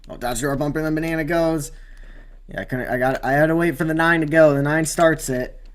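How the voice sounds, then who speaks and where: A man's voice: on the high side, steady tone, fairly quick. A man casually commenting while racing in a video game, rambling with fillers and bursting out at near-crashes. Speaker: gamer doing race commentary.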